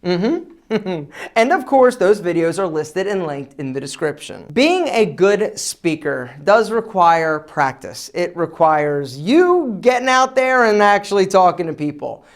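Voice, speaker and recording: A man hosts an advice vlog, speaking straight to the viewer. His delivery is energetic and emphatic, and his pitch swings widely as he punches out his points. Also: unhurried. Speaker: men's style channel host. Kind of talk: casual advice vlog to camera.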